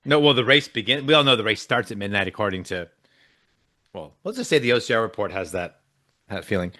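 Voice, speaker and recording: A man's voice: lowish voice, expressive, quick pace, pushed and bright, dry recording, clean studio sound. A man co-hosting a podcast in casual chat who has just woken up, rambling, jokey and often cutting himself off mid-sentence. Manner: rambling, self-interrupting, jokey. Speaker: podcast co-host.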